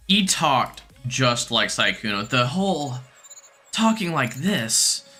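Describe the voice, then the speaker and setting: A young man chatting casually on a game live stream, self-mocking and quick to laugh. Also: fairly low pitch, bright, forceful tone.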